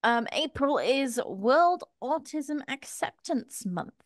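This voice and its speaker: A woman's voice: high voice, sing-song, slow pace, no room sound, studio quality. Chatty British woman hosting a podcast. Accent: British English. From England. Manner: chatty, giggly, reads from notes. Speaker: podcast host. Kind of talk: casual group chat.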